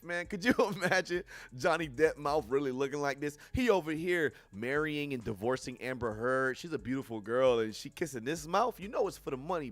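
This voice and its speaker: A young man hosting a livestream, reacting to news with profane, animated commentary and frequent laughs. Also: on the high side, dry recording. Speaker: livestream host. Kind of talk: casual commentary on news clips.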